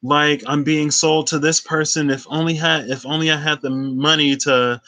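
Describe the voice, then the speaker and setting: A man's voice: on the high side, flat delivery, normal speed, pushed and bright, pitched above the performer's own voice. A man voicing a scheming young woman from an anime, with a sugary, pleading delivery in a raised voice.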